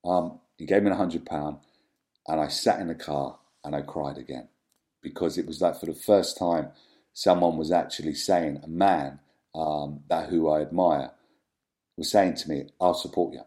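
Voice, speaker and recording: An interview guest from London, England reflects openly on his past in a deep, mellow, dark voice. His speech falters with frequent ums and fresh starts, and the delivery stays personal and unpolished, with fairly even intonation.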